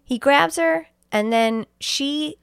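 A woman podcast co-host tells a horror film's plot in a loose, animated way, cursing freely. Her voice sits fairly high. The recording is close and dry with no room sound. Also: slow, creaky, no echo. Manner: animated storytelling, swearing. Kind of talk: casual film recap.

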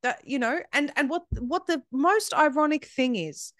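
A woman's voice: high voice, lively intonation, normal speed, fairly bright tone, no room sound, studio quality. A woman from Australia, a podcast guest who talks emphatically and scornfully, often restarting her sentences. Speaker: guest, media founder. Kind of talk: podcast conversation.

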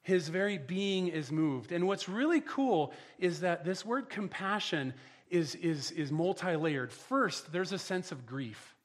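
A man's voice: high-pitched, animated, a little slow. A middle-aged man preaching a sermon as pastor, emphatic, often repeating words and asking the listeners "right?".

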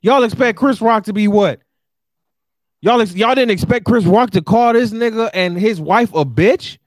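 High-voiced man ranting on a podcast. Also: moderate pace, no echo, clean studio sound. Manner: animated, profane, emphatic ranting. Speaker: podcast co-host. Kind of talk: casual chat.

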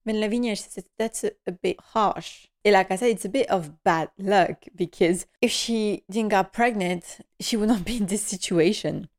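A woman's voice: mid-range voice, moderate pace, few pauses. Chatty woman recapping episodes. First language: French. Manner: chatty, retells scenes and quotes characters. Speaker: podcast host. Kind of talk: casual episode recap and commentary.

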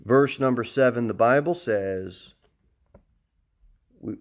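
A middle-aged man giving a sermon as pastor, animated, shifting between loud emphasis and soft, calm talk. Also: mid-range voice, measured pace.

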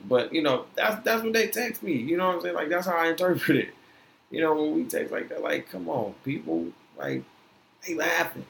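Young male American podcast host, lower voice, loose slangy rambling delivery, light background noise. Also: gravelly, fairly bright tone. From United States. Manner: rambling, loose slang, frequent "you know what I'm saying". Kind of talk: casual opinion talk.

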